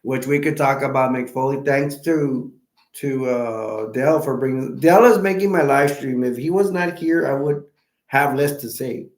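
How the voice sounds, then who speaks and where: A man hosting a live stream, chatting in a halting, rambling way with many restarts and self-corrections, with hiccups. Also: medium pitch, echoey room.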